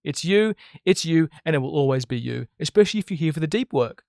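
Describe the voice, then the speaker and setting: Man, fairly high voice with a gravelly edge, blunt spiritual teacher, keeps tagging "right?", dry sound. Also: lively intonation, quick pace, darkish tone, no room sound. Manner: emphatic, keeps checking in with "okay?" and "right?"; blunt, swears freely. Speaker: I Ching teacher and counselor. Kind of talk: casual spiritual monologue to camera.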